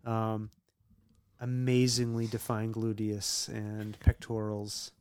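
A man's voice: fairly low pitch, completely flat delivery, takes it slowly, a little mellow, smooth, no room sound, studio quality. A man hosting a casual group podcast chat, earnest and hesitant with many ums. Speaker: podcast host.

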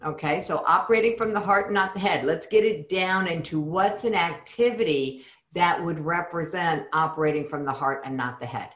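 A woman with a fairly low voice hosts an interview, playful and quick to laugh. Her voice carries a noticeable roomy echo. She keeps the talk loose and animated. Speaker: podcast host. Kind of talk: conversational interview.

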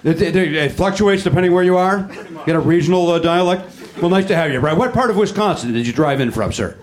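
A middle-aged man hosting a live comedy podcast on a club stage, teasing the audience with quick sarcastic crowd work. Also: high voice, expressive.

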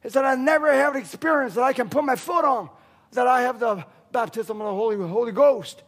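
A man's voice: extremely high pitch, a little fast, a bit bright. A man preaching a sermon in a church, emphatic and repetitive in his delivery. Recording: long hall reverb.

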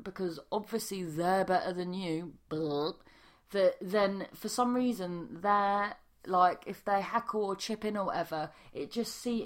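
A young woman, a stand-up comedian, telling a rambling casual story with swearing and many restarts. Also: on the low side.

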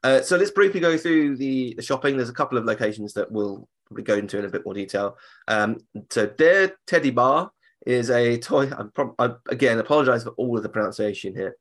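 A man's voice: medium pitch, expressive, a little fast, fairly bright tone. A man co-hosting a theme park podcast, chatting casually and cracking jokes. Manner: jokey, puts on silly voices for laughs. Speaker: podcast co-host.

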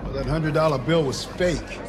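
An actor playing a stern security guard accusing a customer of paying with fake money. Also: male voice, on the high side, moderate pace, noisy background, close to an everyday voice. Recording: TV clip with music behind.

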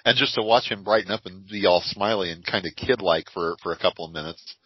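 A man's voice: sits low, quick pace, slightly rough, no room sound. An older man co-hosting a podcast, telling rambling stories with chuckles in casual chat. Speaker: podcast co-host. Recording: dull lo-fi dry recording.

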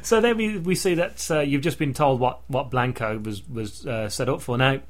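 A man's voice: mid-range voice, moderate pace. A man hosting a casual podcast, recapping a sitcom in a rambling way. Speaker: podcast host. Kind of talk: casual chat.

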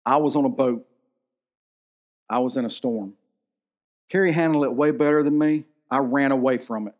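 A man's voice: medium pitch, normal speed, darkish tone. A man in his thirties preaching a sermon in a church, telling a personal story in an earnest, emotional way. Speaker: pastor.

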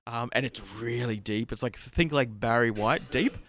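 A man co-hosting a casual podcast chat, curious and quick to chime in with questions. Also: medium pitch, fairly bright tone. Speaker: podcast co-host.

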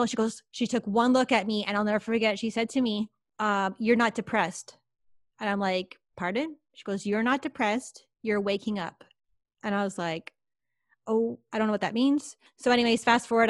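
A woman's voice: on the high side, dry recording, studio quality. A woman, a psychic medium, telling a personal story in a podcast interview, chatty and full of fillers. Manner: lively, chatty, many fillers like "like".

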